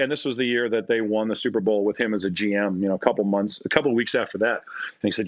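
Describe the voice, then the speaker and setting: A man's voice: on the low side, steady tone, very fast, dry recording. A man from Canada in his forties, a podcast guest telling casual anecdotes, mocking himself and acting out the voices he quotes. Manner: self-deprecating, acts out quoted voices. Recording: slightly muffled dry recording.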